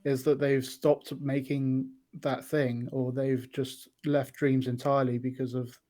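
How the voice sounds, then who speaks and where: A man's voice: medium pitch, level tone, unhurried, mellow. A man guesting on a podcast, chatting casually with frequent ums and restarts. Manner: hesitant, many ums and restarts.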